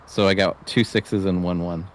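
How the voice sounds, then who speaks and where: A man playing a tabletop game, describing his character's actions hesitantly, with many pauses. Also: deep voice, fairly even intonation, a little hiss or hum. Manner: hesitant, many fillers and restarts. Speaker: player. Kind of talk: casual tabletop play.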